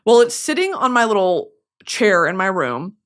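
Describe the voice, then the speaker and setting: Animated young woman, chatty and theatrical. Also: medium pitch, moderate pace. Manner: chatty, swearing, dramatic asides, mock voices. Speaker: podcast host. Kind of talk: casual comedic monologue.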